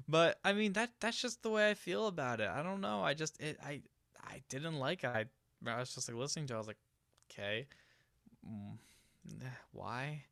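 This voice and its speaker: A man's voice: a little high, sing-song, brisk, creaky, sharp tone, no echo, clean studio sound. A man co-hosting a music podcast, chatting casually, blunt and opinionated, often trailing off into hedges. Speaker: podcast co-host. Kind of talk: casual chat about music.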